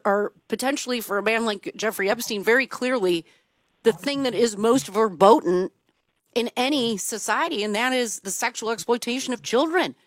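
A woman's voice: a little high, dry recording, clean studio sound. A woman hosting a call-in talk show, commenting in an indignant, emphatic way and taking callers.

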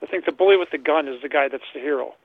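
A man calls in over a tinny, phone-like line, his voice gravelly with plenty of fry and sitting a little high for a man. He rambles, circling back and repeating words as he hunts for what to say next. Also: very fast, no echo. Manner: rambling, repeats words while searching for them. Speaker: caller. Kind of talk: call-in talk radio.

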